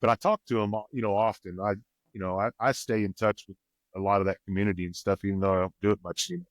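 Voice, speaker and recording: Podcast guest, male, twang, folksy storyteller, lowish voice, dry booth sound. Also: fairly even intonation, fast, no room sound. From Missouri, USA. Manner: rambling, folksy, quotes others with raised pitch. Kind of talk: casual storytelling.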